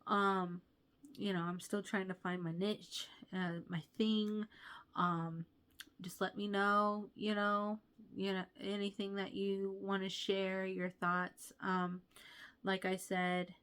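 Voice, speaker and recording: A woman's voice: mid-range voice, little pitch movement, slow pace, a bit bright, smooth. A young woman hosting a casual book review vlog, gushing and chatty with many fillers.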